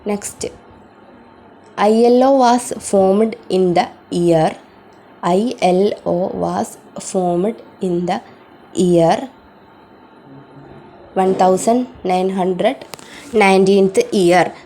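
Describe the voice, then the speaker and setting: A woman's voice: medium pitch, extremely slow, long pauses, warm tone, a little hiss or hum, poor audio. A woman reading out exam questions, repeating each one before giving the answer. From India. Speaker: student tutor.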